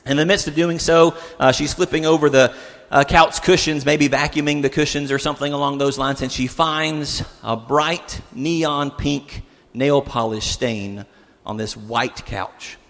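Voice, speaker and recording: A man's voice: fairly high pitch, fairly even intonation, a little slow, fairly bright tone, long reverb tail. A man in his thirties preaching a sermon, telling a story in an earnest way with many restarts. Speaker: pastor.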